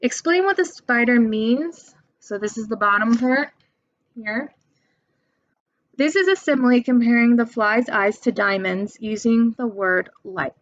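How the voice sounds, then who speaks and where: A young adult woman teaching a remote poetry lesson, talking slowly and clearly and spelling words out for her students. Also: fairly high pitch, no echo, muffled recording.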